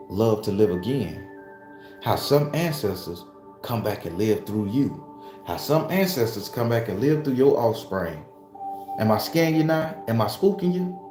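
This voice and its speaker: On the high side and a little mellow, a man's voice carries a fired-up spiritual talk aimed straight at the camera. This spiritualist YouTuber swears freely and fires off rhetorical questions like a preacher, in an echoey room with faint music.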